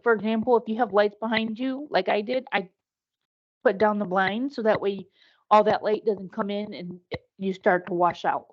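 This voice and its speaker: A woman presenting over a video call, giving plain, earnest advice and now and then acting out little example phrases. Her voice sits in a middle range, and the call audio is dull and lo-fi. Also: mid-range voice. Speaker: workshop presenter. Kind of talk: instructive online presentation.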